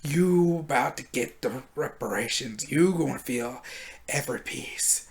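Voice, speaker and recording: A woman voicing a vengeful young male hero with a low, menacing mutter. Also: expressive, measured pace, full character voice.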